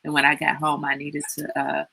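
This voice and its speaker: A woman hosting a casual livestream, telling stories in an animated, teasing way and laughing often. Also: sits low, fairly quick, vocal fry, a little hiss or hum, poor audio. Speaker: livestream host.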